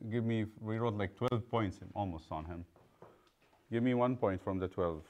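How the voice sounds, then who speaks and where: A man's voice: on the low side, moderate pace, darkish tone. A man teaching a children's Bible study, quizzing the class and retelling stories with acted-out voices.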